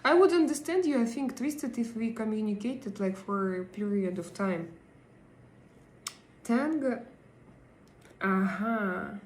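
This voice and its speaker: A woman hosting a live stream and chatting with viewers, hesitant and pausing often as she searches for her English words. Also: medium pitch, echoey room, slight background noise, poor audio. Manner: hesitant, many pauses and fillers while searching for English words. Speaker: livestream host. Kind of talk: casual live chat, answering viewer comments.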